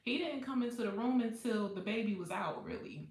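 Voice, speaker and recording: A woman's voice: on the high side, brisk, echoey room, background noise. A woman hosting a livestream, telling a personal story in a candid, profane way and laughing often. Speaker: livestream host. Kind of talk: casual storytime chat.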